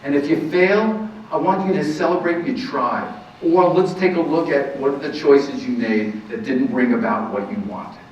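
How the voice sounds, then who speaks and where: A man's voice: on the high side, moderate pace, slight background noise. A man counselor giving an earnest talk on parenting to an audience, repeating key points and asking rhetorical questions. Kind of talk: lecture to a live audience. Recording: very echoey, distant, muffled room recording.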